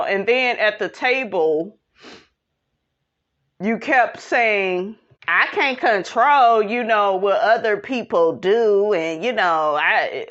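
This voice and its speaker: A sassy, opinionated young woman talks through a reality show recap in an unhurried, drawn-out way. She keeps calling her listeners "honey." The sound is dull and lo-fi, like a simple home setup. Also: medium pitch, a bit bright. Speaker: recap host. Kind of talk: casual TV recap commentary.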